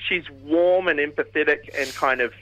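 A man's voice: fairly high pitch, brisk, pushed and bright. A man calling in as a regular film correspondent, chatty and enthusiastic in casual radio talk. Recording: lo-fi call-in line.

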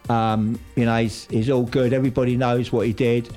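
A man tells a soap opera story in a loose, slangy way, wandering off on asides and then hauling himself back with "anyway". His pitch sits in the middle range, and faint music plays behind him. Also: little pitch movement, a little fast, warm tone. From United Kingdom. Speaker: radio show regular recapping a soap opera. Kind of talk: casual chat.

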